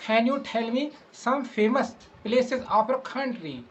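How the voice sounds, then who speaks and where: A man's voice: extremely high pitch, animated, unhurried, dull audio. Patient Indian English trainer, man. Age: 20s. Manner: patient, repeats questions. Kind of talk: casual English practice conversation.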